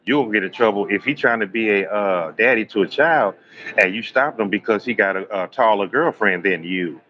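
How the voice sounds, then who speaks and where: A man's voice: on the low side, brisk, highs cut off, slight background noise. A man, preaching bluntly and swearing on a live stream, acting out both sides of arguments. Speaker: live-stream host and self-styled prophet.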